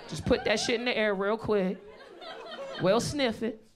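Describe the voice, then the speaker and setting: A woman in her thirties does a stand-up set at a live venue, speaking at a measured pace in a fairly high voice, with some chatter audible behind her. Her storytelling is blunt, profane, and conversational.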